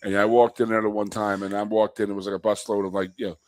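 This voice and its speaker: A man co-hosting a casual chat show, telling old locker-room stories with lively, acted-out quotes. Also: quick pace, dry recording. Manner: animated storyteller, acts out quotes in a high loud voice. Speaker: co-host and former college athlete.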